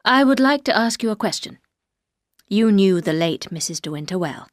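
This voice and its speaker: A woman voicing a stern, formal older colonel who speaks in a measured, authoritative way. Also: medium pitch, animated, dry recording, studio quality, natural voice.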